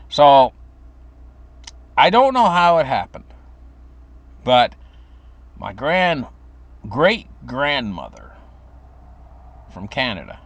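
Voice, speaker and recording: An older man casually telling a story from his childhood, rambling with fillers and restarts. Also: fairly bright tone. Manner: acts out quoted voices in a high pitch.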